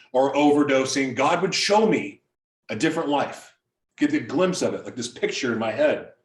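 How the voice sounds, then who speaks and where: A man, a podcast guest, giving a frank, confessional personal testimony in blunt everyday language. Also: mid-range voice. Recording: roomy sound, distant from the mic.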